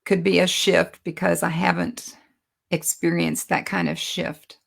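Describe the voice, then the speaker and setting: A woman giving a conversational sermon, telling stories and slowing down to stress her points. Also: lowish voice, little pitch movement, vocal fry. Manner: conversational, storytelling, self-deprecating asides. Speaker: speaker teaching a Bible lesson.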